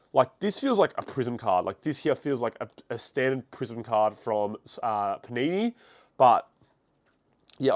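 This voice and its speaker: A man's voice: on the low side, no room sound, clean studio sound. A young man with a congested voice, casually chatting and reacting as he opens trading card packs on his channel. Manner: excitable, quick bursts of surprise over pulls. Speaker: card-breaking channel host. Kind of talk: casual card-opening vlog.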